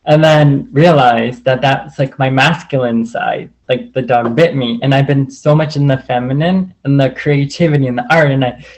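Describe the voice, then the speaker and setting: A man's voice: mid-range voice, steady tone, normal speed, hardly any pauses, rough recording. A man telling a personal story in a casual, rambling way, full of "like", over a video call. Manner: rambling, heavy use of "like". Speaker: group call participant.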